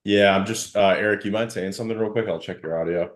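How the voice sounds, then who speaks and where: Man, very low pitch, casual live chat host, meandering explanations. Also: steady tone, fast talker. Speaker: host and startup founder.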